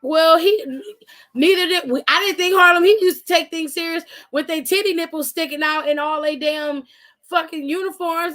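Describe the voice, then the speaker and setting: A woman's voice: very high-pitched, moderate pace, a bit bright. A woman co-hosting a casual wrestling aftershow, sassy and profane, firing off teasing rhetorical questions. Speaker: co-host.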